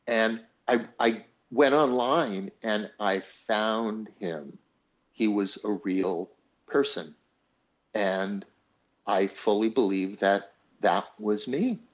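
Recounting a personal tale as an interview guest, this songwriter brings the quoted people to life with animated voices and frequent laughter. His pitch is fairly low, his pace slow, and the audio lacks its high end.

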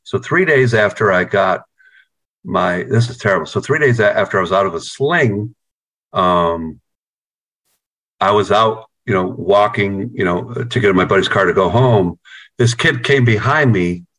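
A guitarist telling stories in a casual interview over a video call, rambling and swearing constantly. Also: male voice, lowish voice, moderate pace, fairly bright tone. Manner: rambling, profane, heavy on "you know". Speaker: guitarist in a band.

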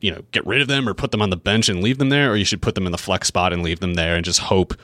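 A man talking sports in a casual, analytical way, his voice pitched on the low side. He thinks aloud in long, run-on stretches and often backs up to restart a sentence. The sound is close and dry, with no room echo. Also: quick pace, a bit bright. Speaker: fantasy football podcast co-host.

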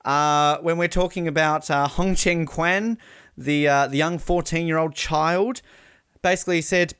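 A man's voice: on the high side, unhurried, clear, resonant tone, no room sound. Brief: Australian male podcast co-host, casual and rambling, close dry sound. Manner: rambling, animated, laughing. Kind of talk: casual chat recapping sports.

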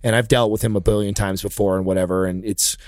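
A man's voice: on the low side, quick pace, no echo, clean studio sound. A man telling a long story in casual chat, swearing often and getting heated as he goes. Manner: profane, animated, heated storytelling.

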